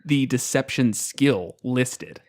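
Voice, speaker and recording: Podcast co-host, man, casual and rambling, mid-pitched voice, talks through rules aloud. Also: takes it slowly. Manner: rambling, many fillers and restarts. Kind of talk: casual tabletop game chat.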